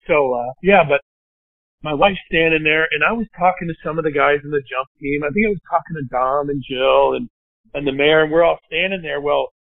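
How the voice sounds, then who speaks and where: Lively podcast host guy, acts out quotes, curses a bit, sounds like he's on a phone line. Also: on the high side, a little fast, vocal fry, dry recording. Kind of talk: casual storytelling chat. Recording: dry, phone-like narrow sound.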